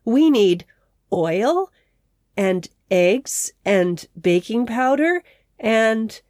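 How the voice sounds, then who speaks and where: A woman's voice: on the high side, expressive, extremely slow, darkish tone, no room sound, studio quality. A woman voicing a small, eager young male bear cub in a storybook, earnest and childlike.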